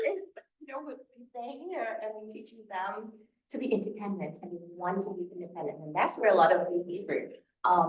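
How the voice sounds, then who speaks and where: An older woman, a toddler teacher on a parent panel, telling stories in a lively conversational way. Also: medium pitch. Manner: animated storytelling, acting out a child's voice. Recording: echoey room, slightly muffled.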